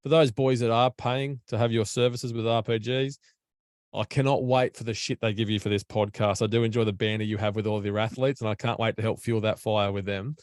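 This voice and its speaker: A man's voice: fairly low pitch, fairly even intonation, brisk, no room sound, studio quality. An Australian man hosting a casual podcast over an online call from home, chatty, blunt and matey. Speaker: podcast host.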